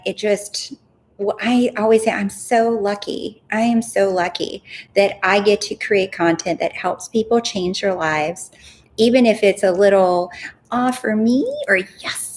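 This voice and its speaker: A chatty young woman talking straight to her viewers in a casual live Q&A. Her voice sits at an ordinary middle pitch and swings up and down as she gets animated. She laughs at herself and keeps asking "right?". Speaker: manifestation coach hosting a live Q&A.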